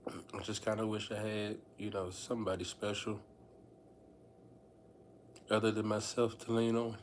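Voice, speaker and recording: Rambling low-voiced man livestreaming. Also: level tone, measured pace, slight background noise. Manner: rambling, repeats phrases, addresses viewers as y'all. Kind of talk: casual livestream talk to viewers.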